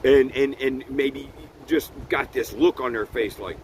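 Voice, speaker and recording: A man's voice: mid-range voice, steady tone, unhurried, rough recording. A man hosting a motivational live stream, talking earnestly and often laughing, recorded outdoors with some wind noise. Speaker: vlog host.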